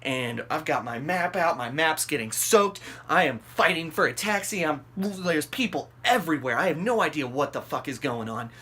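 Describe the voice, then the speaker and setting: A man's voice: fairly high pitch, moderate pace, hardly any pauses, slight background noise. A man telling a wild story in a loose, rambling way, swearing often and piling up fillers. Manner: rambling and profane, many fillers and restarts; animated, voice jumps up when acting out his own panic. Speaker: vlog host telling a story. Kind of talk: casual storytelling.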